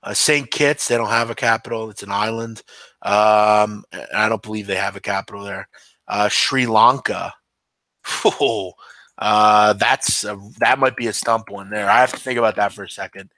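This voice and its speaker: A man's voice: on the low side, steady tone, normal speed, sharp tone, no echo. A man hosting a podcast, chatting casually with viewers in a rambling, hesitant way, full of ums and restarts and. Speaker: podcast host. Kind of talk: casual live-stream chat answering viewers.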